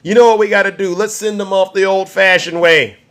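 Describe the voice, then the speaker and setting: High-voiced man ranting with mocking scorn. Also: steady tone, fairly quick. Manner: mocking, preachy, taunting. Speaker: political commentator. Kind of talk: fiery political commentary.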